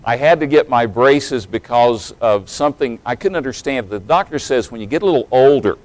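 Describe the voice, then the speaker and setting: A man around forty, raised in East Tennessee but speaking in a general American accent, delivers a sermon at a middle pitch. He moves between relaxed, joking asides and more emphatic stretches of preaching. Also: brisk, poor audio. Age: late 30s to early 40s. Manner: folksy and humorous, then rising to emphatic preaching.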